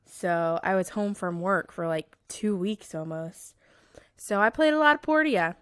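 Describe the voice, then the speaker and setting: A woman's voice: medium pitch, fairly bright tone, clean tone, no echo, studio quality. A woman co-hosting a gaming podcast in a chatty, bubbly way, her voice worn by a cold. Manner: chatty and bubbly, quick to laugh. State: sick, hoarse voice. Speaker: podcast co-host. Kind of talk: casual chat.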